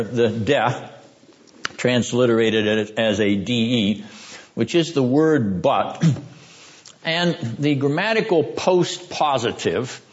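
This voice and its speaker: Throat-clearing male lecturer questioning a class. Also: mid-range voice. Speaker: seminary lecturer. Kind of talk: classroom lecture on Greek scripture. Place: classroom with students. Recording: dull lo-fi classroom recording.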